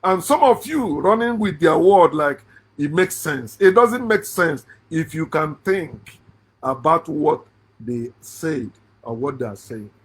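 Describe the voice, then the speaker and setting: A man's voice: a little high, animated, slow, husky. A middle-aged man with a Nigerian accent, giving a sarcastic, laughing monologue about a Bible passage. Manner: laughs often, sarcastic, rising into shouts. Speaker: online Bible commentator. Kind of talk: mocking monologue on scripture.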